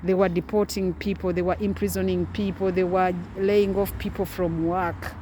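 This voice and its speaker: A woman's voice: lowish voice, flat delivery, moderate pace, mellow, slight background noise. A woman in her forties, a doctor, giving an impassioned personal testimony with emphatic repetition. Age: 40s.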